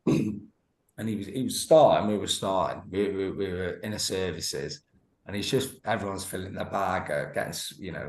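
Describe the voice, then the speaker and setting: A man in his thirties, a former footballer, telling stories as a podcast guest, laughing often and acting out quotes. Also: on the low side. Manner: laughing storyteller, many restarts, acts out quotes. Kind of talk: anecdotal podcast chat. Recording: roomy echo.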